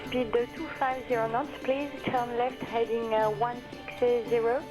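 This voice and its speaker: A woman's voice: a little high, little pitch movement, measured pace, over music, close to an everyday voice, poor audio. A woman with a French accent voicing an air traffic controller who reads out clipped, routine flight instructions.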